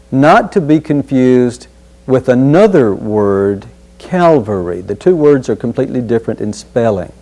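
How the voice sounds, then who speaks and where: A man teaching a pronunciation drill, saying each key word slowly and deliberately and repeating it for students. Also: mid-range voice, warm tone. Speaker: speech instructor.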